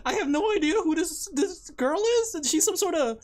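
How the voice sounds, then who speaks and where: A man's voice: very high-pitched, lively intonation, a little fast, a little mellow, voice pushed up. A man putting on the voice of a nervous, nerdy young gamer who stammers and fumbles his words. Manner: stammering, awkward, full of filler.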